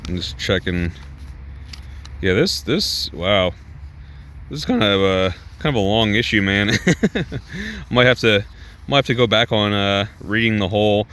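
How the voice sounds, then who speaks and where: A man's voice: fairly low pitch, moderate pace, fairly bright tone, slight background noise. A man casually reviewing a comic book, rambling with many restarts and some swearing. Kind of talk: casual review while reading aloud.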